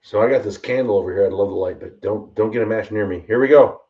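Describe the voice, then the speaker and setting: Excitable man, slightly distant mic. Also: on the low side, fast talker, highs cut off. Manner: excitable, exclaiming, rambling. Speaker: bourbon tasting host. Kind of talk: casual livestream tasting chat.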